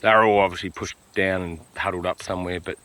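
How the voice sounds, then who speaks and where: A man talking to camera during a mountain hunt, relaxed and chatty, with plenty of ums and uhs, recorded outdoors on a steep slope. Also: sits low, quick pace, low-quality recording. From Australia. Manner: relaxed, chatty, lots of filler words. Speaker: hunter filming a hunt. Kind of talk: casual on-camera hunting vlog.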